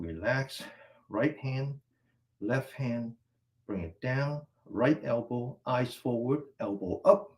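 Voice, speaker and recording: A man guiding a qigong exercise class, calmly cueing each stretch and breath step by step. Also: mid-range voice. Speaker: qigong instructor. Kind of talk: guided exercise class instruction.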